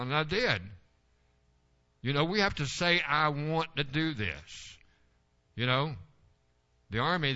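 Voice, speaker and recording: Older male pastor, homespun sermon stories, tense bright voice, dull lo-fi recording. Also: on the high side. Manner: folksy storytelling, rising to forceful exhortation.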